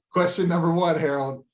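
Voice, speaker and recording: A man co-hosting a casual podcast, asking teasing questions between laughs. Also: a little high. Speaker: podcast co-host. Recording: echoey room sound.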